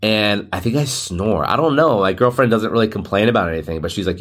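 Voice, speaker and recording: A man's voice: lowish voice, expressive, quick pace, fairly bright tone. Guy rambling on his solo podcast, laughs a lot, voice bounces all over. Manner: rambling, joking, laughs often. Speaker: podcast host. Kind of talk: casual solo podcast monologue.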